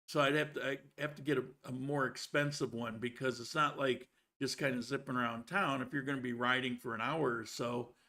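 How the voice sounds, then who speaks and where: A man with a medium-pitched, slightly bright voice hosts a live stream from Colombia, where he lives. He greets viewers by name and chats casually, often restarting his sentences.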